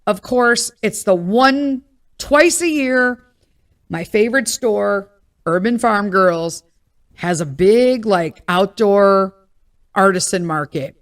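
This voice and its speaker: A woman's voice: mid-range voice, slow. A woman hosting a podcast, telling a story in a casual, profane and exasperated rant. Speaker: podcast host.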